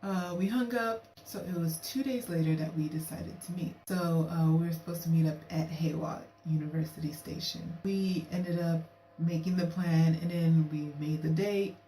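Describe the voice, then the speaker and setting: A young woman with a low, mellow voice tells a story to camera in a chatty, animated way, slipping into quoted lines. She sits a little way from the mic in a roomy, echoey space, with faint hiss behind her. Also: normal speed, far from the mic. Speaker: vlogger.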